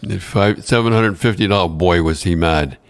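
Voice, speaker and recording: An older man telling rambling, halting anecdotes in a casual podcast chat, repeating words and laughing often. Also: low voice. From Canada. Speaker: co-host telling stories.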